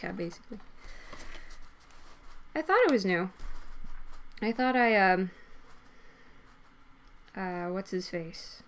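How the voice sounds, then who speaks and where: A woman's voice: mid-range voice, expressive, slight background noise. A woman co-hosting a casual drawing session, talking in a playful, teasing way. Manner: playful, teasing, quick to laugh. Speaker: co-host. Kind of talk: casual chat while drawing.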